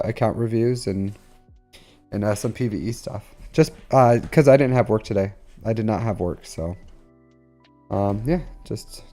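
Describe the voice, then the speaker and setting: Laid-back low-voiced male streamer. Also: mellow. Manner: rambling, filler-heavy, talks to chat. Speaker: game streamer. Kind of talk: casual live-stream chat.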